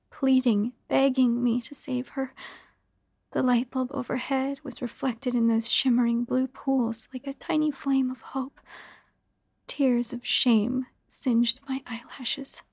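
A woman narrating a first-person horror story in a hushed, half-whispered delivery. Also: a little high, vocal fry, breathy edge, no echo, studio quality.

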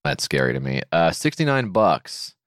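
A man's voice: a bass voice, very animated, moderate pace, a bit bright, no room sound, studio quality. A man co-hosting a casual podcast, joking sarcastically and swearing freely as he reads out listener emails. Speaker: podcast co-host.

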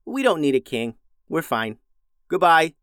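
An unruffled village resident, as a male narrator voices him, brushing off threats in a flat, matter-of-fact manner. The voice is close to the narrator's own, recorded dry and close. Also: a little high, unhurried, clean tone, no echo. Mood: dismissive. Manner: calm, matter-of-fact refusals. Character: unbothered adult villager, calmly dismissive.

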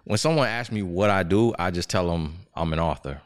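A man's voice: low voice, a little fast, no room sound, studio quality. A man in his thirties from Florida with a Southern accent, a guest life coach chatting casually and telling stories. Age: 30s. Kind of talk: casual podcast chat.

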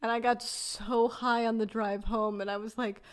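A woman co-hosting a casual podcast, chatty and quick to laugh, telling stories with quoted asides. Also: fairly high pitch, flat delivery. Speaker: podcast co-host. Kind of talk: casual chat.

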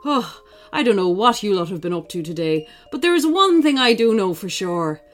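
A woman's voice: mid-range voice, sing-song, normal speed, soft background music, natural voice. A woman reading aloud, voicing a kind man who runs a dog sanctuary, exclaiming in surprise. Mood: fond.

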